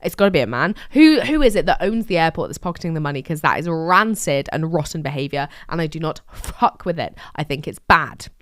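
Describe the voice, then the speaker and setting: English woman ranting on her podcast, lowish smooth voice, dry close sound. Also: lively intonation, brisk, few pauses, no echo. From England. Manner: chatty, swearing, self-mocking rants. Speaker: podcast host. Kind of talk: solo diary podcast.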